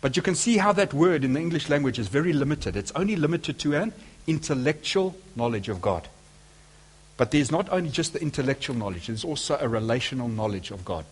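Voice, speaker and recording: A man's voice: mid-range voice, very animated, fairly quick, slightly rough. A man preaching a sermon, speaking emphatically and asking his listeners rhetorical questions.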